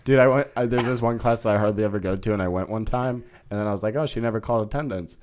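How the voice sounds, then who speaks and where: A man's voice: on the low side, racing, a little mellow, a little hiss or hum. A young man co-hosting a casual podcast, telling stories in a rambling way. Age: young adult. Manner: rambling storyteller, restarts and fillers. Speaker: podcast co-host. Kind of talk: casual chat.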